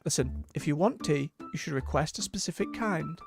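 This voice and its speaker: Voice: mid-range voice, expressive, moderate pace, gravelly, music in the background. A streamer reading the lines of a patient, matter-of-fact tea-shop keeper in a near-natural voice.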